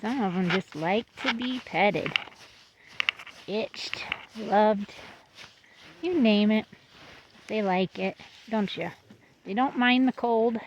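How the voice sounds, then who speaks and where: A woman's voice: mid-range voice, slow pace, long pauses, background noise. Chatty woman touring her goat pen. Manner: chatty, fond, talks to her goats. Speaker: goat breeder. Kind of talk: casual vlog tour. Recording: slightly dull lo-fi sound.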